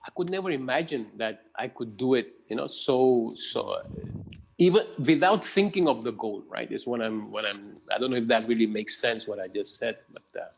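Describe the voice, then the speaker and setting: A man's voice: mid-range voice, moderate pace, creaky. A man co-hosting a casual podcast conversation, talking loosely and ending his phrases with "right?". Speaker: podcast co-host.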